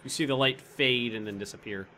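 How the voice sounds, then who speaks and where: Male game master, bright tone, meandering delivery, faint room hum. Mid pitch. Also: fairly quick. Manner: rambling, restarts often, searches for words. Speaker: dungeon master. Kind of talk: narrating a tabletop game.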